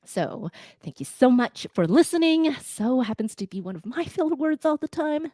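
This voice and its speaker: A woman from Canada with a North American accent, a podcast editor talking to listeners in a lively, conversational way with fillers. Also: sits high, moderate pace, no echo, clean studio sound. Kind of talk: talk to listeners.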